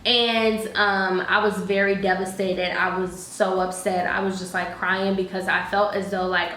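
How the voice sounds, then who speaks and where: A woman's voice: mid-range voice, level tone, a little slow, hardly any pauses, pushed and bright. A woman in her late twenties giving a casual personal life update straight to her viewers, candid and emotional, swearing freely and sometimes close to tears. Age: late 20s. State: near tears at times. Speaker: vlogger. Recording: echoey room with faint ambience.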